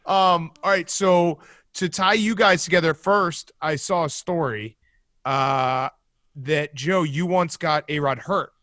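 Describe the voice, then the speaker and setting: A male podcast co-host joking and teasing in casual chat. His voice is bright and edgy, a little high, recorded dry with no room sound. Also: slow pace, dry recording.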